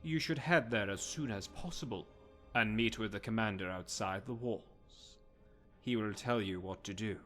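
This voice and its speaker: An actor playing a formal, commanding elven agent in a video game. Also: male voice, lowish voice, normal speed, fairly bright tone, soft background music, close to an everyday voice.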